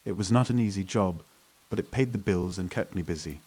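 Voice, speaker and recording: A man with a deep, low voice reads a first-person horror story. His narration is scripted and steady, paced evenly like a storyteller. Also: a little fast, husky.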